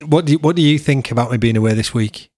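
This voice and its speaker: A man's voice: mid-range voice, fast talker, darkish tone, no echo, clean studio sound. A middle-aged man, hosting a podcast and chatting casually with his son, laughing often. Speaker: podcast host.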